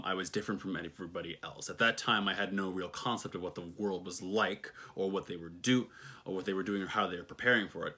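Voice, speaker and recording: A man's voice: deep voice, bright, forceful tone. A man telling a story from his own life in a thoughtful, reflective way, with the odd wry aside. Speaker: personal storyteller. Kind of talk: reflective personal storytelling monologue.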